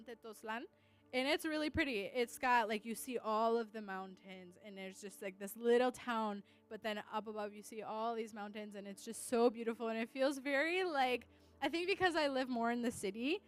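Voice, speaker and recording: A woman's voice: a little high, steady tone, moderate pace, clean tone. A young woman, a teacher, tells a church gathering about her students in a casual, chatty way. She leans on "like" and slips in Spanish words. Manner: chatty, full of "like" fillers, drops in Spanish words. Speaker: teacher giving a testimony. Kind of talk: casual testimony to an audience.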